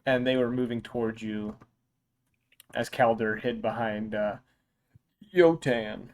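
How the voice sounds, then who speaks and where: A man narrating as game master of an online tabletop game, with frequent pauses and fillers. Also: medium pitch. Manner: halting, filler-heavy narration.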